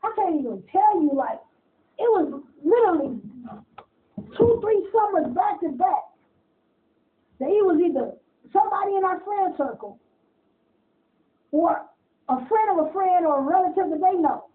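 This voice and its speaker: A woman telling casual stories in an interview, animated, laughing often, swearing freely and acting out other people's lines in quick bursts. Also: very high voice. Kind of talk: casual storytelling. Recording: tinny phone-like audio.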